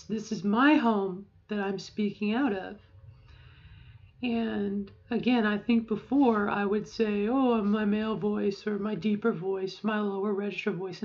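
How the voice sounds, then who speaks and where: A middle-aged woman at mid pitch, chatting loosely through a voice-training vlog. She wanders from thought to thought and keeps tagging "okay?" onto her points. The recording sounds a bit dull and lo-fi. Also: a little mellow. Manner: rambling, keeps adding "okay?". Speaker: vlogger.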